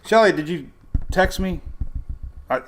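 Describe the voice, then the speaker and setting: A man's voice: sits high, lively intonation, unhurried. A man hosting a live weather stream, chatting casually, reading viewer comments and rambling with frequent laughs. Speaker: weather livestream host. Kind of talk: casual livestream chat.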